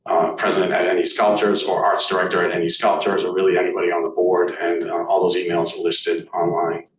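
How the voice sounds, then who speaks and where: A man with a Boston accent gives a casual report at a members' meeting, stopping and restarting often. His voice sits fairly low. He sounds distant, in an echoey room with a faint hiss. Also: little pitch movement. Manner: halting, many fillers and restarts. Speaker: board director speaking at annual meeting.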